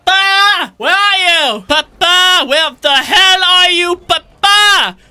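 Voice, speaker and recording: A man voicing a frantic teenage boy who keeps yelling for his missing father, whiny and melodramatic. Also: extremely high pitch, expressive, normal speed, heavily acted.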